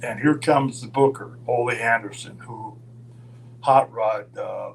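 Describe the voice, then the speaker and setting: An older man from Minnesota spins a road story at a middle pitch, slipping into quoted voices and chuckling as he goes. A faint electrical hum sits under his voice. His talk is loose and casual. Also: a little slow, creaky, low-quality recording. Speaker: storyteller guest. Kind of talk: casual anecdote telling.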